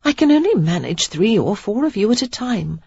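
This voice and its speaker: A reader voicing a young woman posing as a notorious beauty, speaking low and throaty in a coy, teasing way. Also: very animated, normal speed, gravelly, mellow, breathy edge, no room sound, muffled recording, exaggerated voice.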